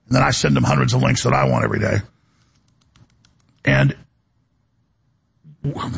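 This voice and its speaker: A man's voice: medium pitch, fairly bright tone. A man hosting a talk radio show, delivering a rambling, indignant monologue full of restarts. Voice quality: gravelly, raspy.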